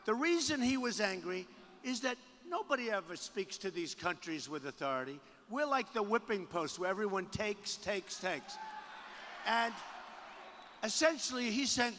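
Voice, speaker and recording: A man delivers a boastful, repetitive campaign rally speech, high-pitched and bright-toned, and breaks into shouted bursts. His voice rings through a long arena reverb with faint crowd noise behind. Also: expressive, moderate pace. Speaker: political candidate at a rally. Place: large rally venue.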